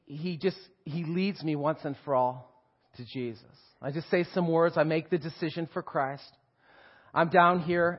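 A guest speaker in his forties shares his personal testimony with a church, emotional and animated, laughing and shifting from hushed tones to loud ones. His voice is high for a man, and the audio sounds dull and muffled.

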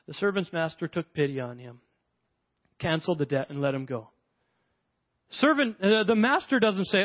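A man's voice: a little high, lively intonation, moderate pace, dull audio. A man preaching a sermon in a conversational way, acting out the characters of a parable as he retells it.

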